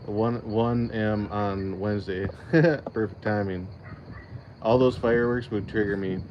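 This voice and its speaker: A man's voice: on the low side, steady tone, measured pace, a little hiss or hum. A man hosting a casual livestream, rambling and swearing freely, often breaking into laughter. His audio is a little dull. Crickets chirp faintly in the background. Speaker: channel host.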